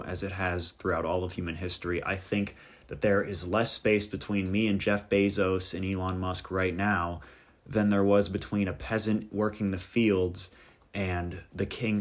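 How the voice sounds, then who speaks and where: A man hosting a casual podcast monologue, with a somewhat low voice. He rambles from one joke to the next, wandering off on tangents. He pokes fun at himself as he goes. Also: fairly bright tone. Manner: rambling, jokey tangents, self-deprecating. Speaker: podcast host.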